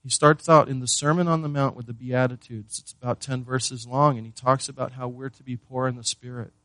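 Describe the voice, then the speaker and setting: A man's voice: medium pitch, fairly even intonation, fairly quick, a bit bright, no room sound. A man preaching a sermon as pastor, earnest, often repeating words and asking the listeners questions.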